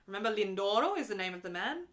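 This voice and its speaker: A woman's voice: medium pitch, sing-song, quick pace, a bit bright. A young woman opera singer talking casually from her apartment, explaining an aria between sung examples in a chatty, patient way with easy laughs.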